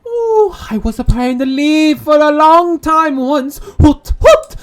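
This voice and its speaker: A woman's voice: high-pitched, very animated, unhurried, pitched above the performer's own voice. A woman voicing a scatterbrained, chirpy female owl from a game, with a sing-song hooting delivery. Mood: dreamy. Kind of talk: game dialogue read aloud.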